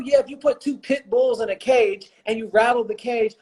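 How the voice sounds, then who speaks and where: A man's voice: very high voice, moderate pace, a little mellow. A man speaking as a guest on a livestreamed interview, talking with passion and repeating phrases for emphasis. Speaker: guest, motivational speaker and coach. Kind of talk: impassioned conversation on a livestream. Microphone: phone or computer mic on a livestream.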